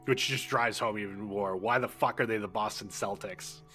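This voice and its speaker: A young man streaming a game, his voice bright and forward. He riffs and jokes with an irreverent, profane edge, and soft music plays underneath. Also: fairly low pitch, steady tone, normal speed. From United States. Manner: joking, irreverent, swears freely. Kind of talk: casual gaming commentary.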